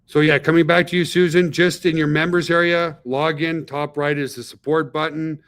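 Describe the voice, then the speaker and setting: A man's voice: a little high, little pitch movement, moderate pace, a bit bright. A middle-aged man hosting a webinar, talking casually and asking "okay?" and "guys" to check in with his listeners. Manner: chatty, peppers talk with "okay?" and "guys". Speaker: webinar host, company founder.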